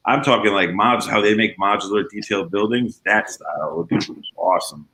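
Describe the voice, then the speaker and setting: A man's voice: on the low side, a little fast, sharp tone, poor audio. A man chatting casually in an online group call, rambling and enthusiastic with lots of fillers. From New York area.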